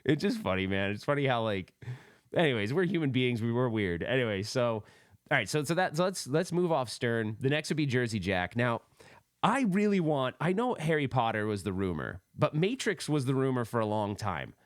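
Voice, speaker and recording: A man's voice: medium pitch, big pitch swings, moderate pace, no echo, clean studio sound. A man in his forties from the East Coast with a faint accent, hosting a casual solo podcast and rambling with self-amused laughs. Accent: faint East Coast American. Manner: rambling, laughs at himself, loose fillers. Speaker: podcast host.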